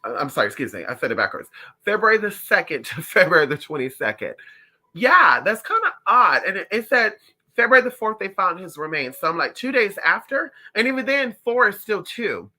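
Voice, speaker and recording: Sassy, very bright-voiced psychic vlogger. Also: brisk. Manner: sassy, calls viewers honey and girl; animated, swings up and down in pitch. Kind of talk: casual chat to viewers.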